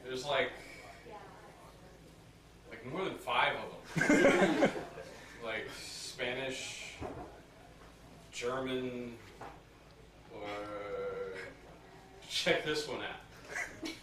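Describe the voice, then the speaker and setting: A man doing a stand-up routine, playing an ignorant bigot persona with a slow deadpan delivery that keeps breaking into laughter. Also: medium pitch. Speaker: stand-up comedian. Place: party venue with a live audience. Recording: echoey room, far from the mic, loud noise.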